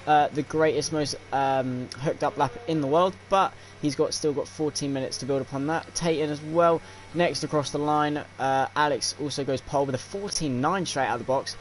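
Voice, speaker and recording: A man's voice: on the high side, normal speed, few pauses, slight background noise. Hesitant young male race commentator. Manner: filler-heavy, hesitant play-by-play. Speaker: lead commentator. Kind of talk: sim racing league commentary.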